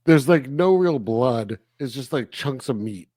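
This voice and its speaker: A man co-hosting a casual film review podcast, laughing often and acting out scenes in quick funny voices. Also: mid-range voice, lively intonation, warm tone, no room sound. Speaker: podcast co-host.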